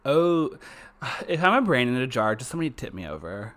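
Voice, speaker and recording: A young man co-hosting a podcast in casual chat, playful and quick to laugh. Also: medium pitch, sing-song, fairly bright tone. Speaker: podcast co-host.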